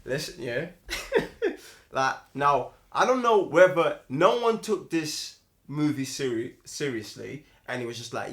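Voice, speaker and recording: A man's voice: on the high side, very animated, a little slow, fairly bright tone. A young man, co-hosting a casual movie review with emphatic, slangy talk. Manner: slangy, emphatic, laughs often. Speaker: podcast co-host.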